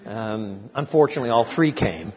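An older man preaching an expository sermon, animated and full of restarts, building to emphatic rhetorical questions. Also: fairly low pitch, moderate pace. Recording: lo-fi, echoey hall recording.

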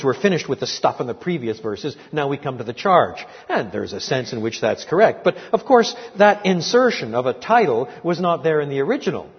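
An older man preaching an expository sermon, animated and full of restarts, building to emphatic rhetorical questions. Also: a little high, husky. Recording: lo-fi, echoey hall recording.

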